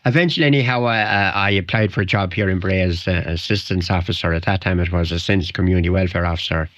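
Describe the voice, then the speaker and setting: In a dry, dull radio studio recording from 1990, an older Irishman with a Wicklow accent rambles through anecdotes as an interview guest, chuckling as he goes. He has a deep, fairly bright voice and talks fast, with no echo in the room.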